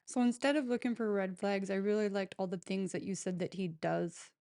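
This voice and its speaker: Gravelly woman podcast host. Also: mid-range voice, fairly even intonation, brisk, warm tone. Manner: supportive, reflective questions. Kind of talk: interview conversation.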